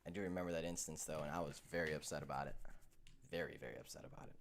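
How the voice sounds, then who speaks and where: A young man hosting a sports betting show in casual chat, with animated, profane storytelling that swings from heated rants to low grumbling. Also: very fast, a little hiss or hum.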